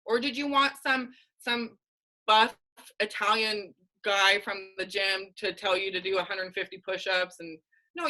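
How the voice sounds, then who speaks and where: Young adult female fitness coach, casual and emphatic motivational speaker, crisp bright tone. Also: mid-range voice, poor audio. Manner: candid, emphatic, casual slang. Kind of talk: motivational team call talk.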